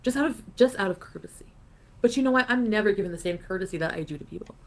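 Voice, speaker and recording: A woman's voice: mid-range voice, animated, fast. A woman in a played clip ranting on a livestream, profane and rambling. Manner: profane, rambling, laughing between lines. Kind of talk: casual livestream rant.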